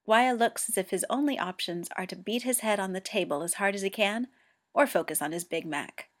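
Woman narrator, story reading, steady, mid-pitched voice, even delivery. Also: a little fast. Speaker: reader. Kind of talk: reading fan fiction aloud.

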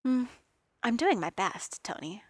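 A woman doing a distracted, measured scientist. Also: on the high side, no room sound, clean studio sound. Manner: calm, measured, slightly condescending. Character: distracted, rambling scientist, adult man.

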